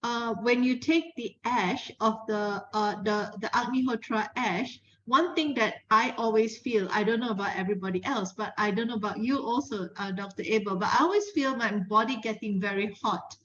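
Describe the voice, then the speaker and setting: Malaysian woman cohost, high-ish voice, lots of ums, muffled lo-fi call audio. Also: normal speed, hardly any pauses, a bit bright, slight background noise. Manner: hesitant, with many fillers. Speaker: co-host and commentator. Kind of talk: conversational commentary.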